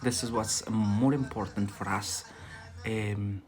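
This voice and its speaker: A man's voice: on the low side, fairly even intonation, slow pace, darkish tone, soft background music. A man teaching a live online English vocabulary lesson, explaining step by step with many fillers and restarts and checking understanding with "yeah?".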